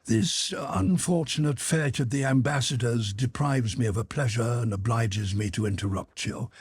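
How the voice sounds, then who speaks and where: A courtly prince in an audiobook, read by a man narrating. He speaks in a polite, apologetic way, with a husky, breathy tone. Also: medium pitch, normal speed, no echo.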